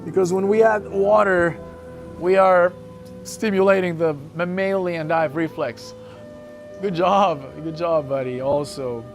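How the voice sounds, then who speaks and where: A man's voice: high voice, unhurried, faint music behind. A man coaching a breath-hold session, encouraging the group and calling out hold times.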